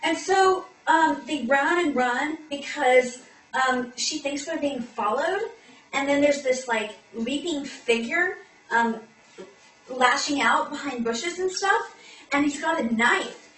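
A woman co-hosts a comic podcast, chattily recapping a fantasy novel with plenty of fillers in a book-club style. Her voice sits high and a bit bright, and she speaks slowly. The mic is distant and the room echoes.

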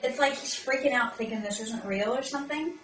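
A chatty woman retelling a fantasy novel with lots of fillers, as if among friends. Her voice is high and bright, and it sounds echoey from a mic set well back in the room. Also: fairly quick, distant mic. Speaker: podcast co-host. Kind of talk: comic book-club recap.

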